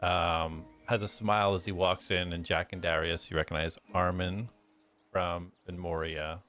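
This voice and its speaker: Low-voiced man narrating as game master. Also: little pitch movement, normal speed, fairly bright tone, faint music behind. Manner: loose, filler-heavy narration.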